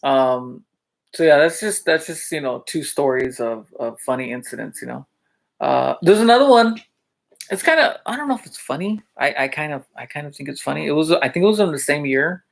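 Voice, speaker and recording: A man with a gravelly, fry-edged voice who chats to the camera about his days as a teacher. He keeps asking his audience questions, fills gaps with little asides, and keeps breaking into laughter while he tells his stories. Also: fairly high pitch, animated, fairly quick. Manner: chatty, with many fillers and check-ins to viewers. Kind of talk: casual storytelling vlog.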